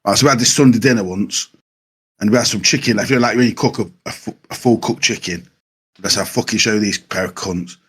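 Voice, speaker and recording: Husky-voiced man swearing through a story. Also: on the low side, a little fast, a bit bright. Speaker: podcast co-host. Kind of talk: casual storytelling chat.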